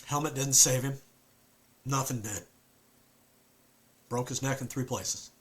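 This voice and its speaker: A weary, haunted Southern man, as a storyteller puts him on, talks in a plain, halting drawl with a thick Southern accent. His voice sits at an ordinary middle pitch, heavy with grief. The telling is a grim dramatic monologue. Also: a bit bright.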